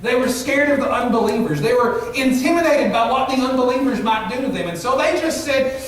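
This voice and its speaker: Male pastor, emphatic sermon delivery, very high voice, roomy church sound with faint background noise. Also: expressive, fairly quick, few pauses, distant mic. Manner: earnest, emphatic preaching with rhetorical questions. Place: church sanctuary. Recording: echoey church hall, mic from afar.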